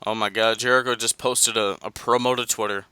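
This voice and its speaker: A man co-hosting a casual wrestling podcast, excitable, reading listener messages aloud. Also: on the low side, brisk, clean tone, no echo. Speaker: podcast co-host.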